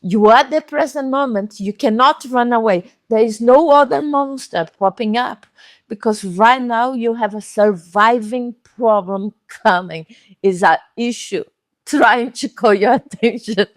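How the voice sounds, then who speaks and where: A young Brazilian woman with a Portuguese accent speaks slowly and deliberately, acting out little scenes as she tells a motivational story. Her voice sits in a mid range and sounds dry and close, with no room around it. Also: on the high side, no echo. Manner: acts out scenes with dramatic voices and sound effects.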